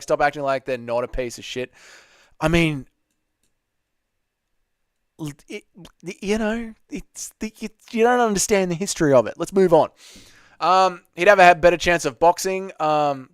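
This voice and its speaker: A man's voice: a little high, animated, a little fast, smooth, no echo, clean studio sound. A man hosting a casual livestream Q&A, reading chat questions aloud and bantering back.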